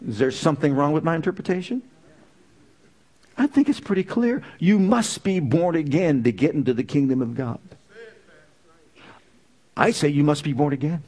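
A man's voice: a little high, lively intonation, normal speed, long pauses, a little mellow. A man preaching a sermon, emphatic and full of rhetorical questions.

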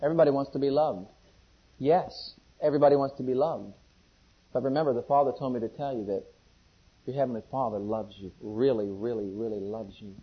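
A man preaching a sermon, shifting between loud, ringing scripture questions and hushed, intimate pleading, with questions put to the congregation. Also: medium pitch, fairly even intonation, a little fast, breathy edge. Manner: call-and-response questions to the congregation. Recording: dull, lo-fi sermon recording.

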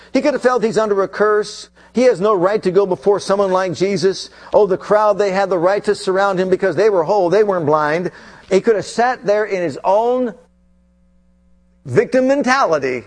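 A man preaching a sermon with passion, swinging between loud bursts and hushed, drawn-out lines. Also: high voice.

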